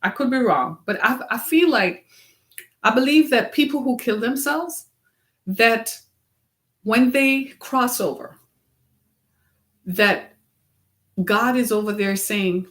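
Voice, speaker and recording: A woman's voice: medium pitch, slow pace, long pauses. A middle-aged woman hosting a web series, giving an earnest, preacher-like motivational talk and asking the listener questions.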